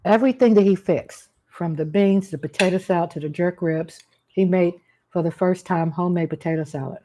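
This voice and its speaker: Woman, middle-aged, low mellow voice, rambling homey chat, eating on camera at home. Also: fairly quick. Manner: rambling, homey storytelling with restarts. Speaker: food vlogger. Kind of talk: casual mukbang chat.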